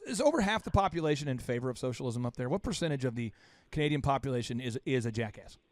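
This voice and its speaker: A man hosting a business podcast, animated and teasing, often cutting in with questions. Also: mid-range voice, fast talker, no room sound. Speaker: podcast host. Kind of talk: casual business podcast chat.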